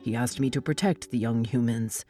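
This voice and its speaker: Woman voicing a stern, low-spoken male elf. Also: warm tone, faint music behind. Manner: low, measured, firm. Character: stern male elf guard, calm and firm.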